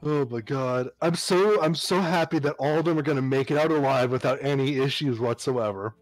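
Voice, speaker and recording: A man's voice: mid-range voice, fairly quick, no room sound, rough recording. A young man co-playing a game, sardonic and profane in casual commentary. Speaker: co-player.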